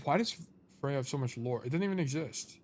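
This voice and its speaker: A man at an ordinary middle pitch talks through a game replay like a relaxed coach on a live stream. He thinks out loud, trails off and corrects himself mid-sentence. A faint hiss sits under his voice. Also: a little fast. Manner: laid-back, sleepy.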